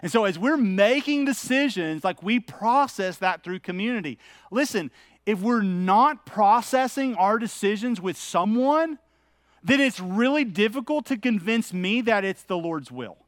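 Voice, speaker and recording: A man's voice: high-pitched, lively intonation, measured pace, no echo, clean studio sound. A middle-aged man, preaching a sermon as pastor in a candid, conversational, anecdotal way.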